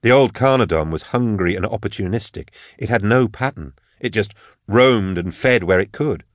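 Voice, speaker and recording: A man reading the part of a wry male forensic scholar with a dry wit, explaining in a measured way. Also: fairly low pitch, no room sound, natural voice. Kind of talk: audiobook character reading.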